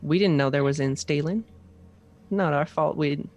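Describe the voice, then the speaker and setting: A man's voice: on the high side, moderate pace, a little mellow. A man playing in a tabletop game, chatting casually with wry jokes. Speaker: player.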